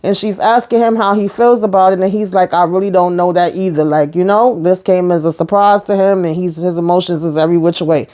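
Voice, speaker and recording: A woman's voice: on the low side, steady tone, a little fast, few pauses, mellow. A woman casually recapping a TV episode, retelling scenes with quoted dialogue. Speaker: TV recap host.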